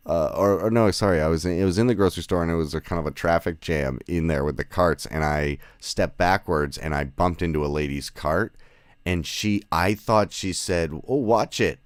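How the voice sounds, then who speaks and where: A man's voice: sits low, normal speed, clean tone, no echo, studio quality. A man hosting a podcast, chatting casually with remote guests over an audio call, rambling and correcting himself as he goes. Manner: rambling, self-correcting, laughs often. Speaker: podcast host.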